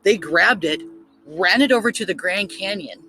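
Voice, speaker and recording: A woman casually telling a story, excitable and full of "like" fillers, acting out her own thoughts in quotes. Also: mid-range voice, normal speed, faint music behind, poor audio. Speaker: spiritual storyteller.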